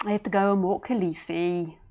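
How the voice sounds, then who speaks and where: A woman, a spiritual teacher, closing a live talk from home in a soft, unhurried way. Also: on the low side, steady tone, slight background noise. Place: at home with her dog.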